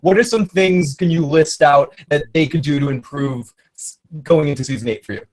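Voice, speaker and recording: A man's voice: fairly high pitch, moderate pace. Hesitant man hosting a live stream. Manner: hesitant, full of fillers. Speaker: podcast host. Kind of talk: casual live stream chat.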